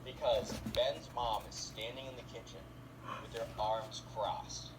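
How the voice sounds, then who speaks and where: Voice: mid-range voice, fairly even intonation, unhurried, very noisy. A storyteller telling a funny story in a rambling, casual way, full of fillers.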